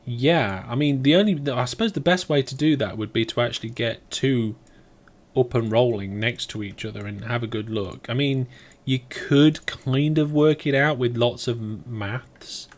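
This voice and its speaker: A man talks his way through a live game stream in a mid-pitched voice. He thinks aloud as he plays and answers his viewers in a chatty, easygoing way. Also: moderate pace. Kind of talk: live let's play commentary.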